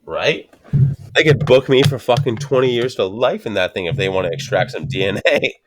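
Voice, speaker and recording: There's background noise behind this man in his thirties, whose voice sits on the low side and moves a little fast. He's a podcast guest telling a story in a loose, profane, animated way, cursing constantly and voicing the other people.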